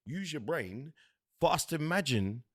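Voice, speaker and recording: A man's voice: fairly high pitch, animated, normal speed, a bit bright. A man hosting a casual sports chat show, playful and teasing, leaning hard on his points. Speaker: show host.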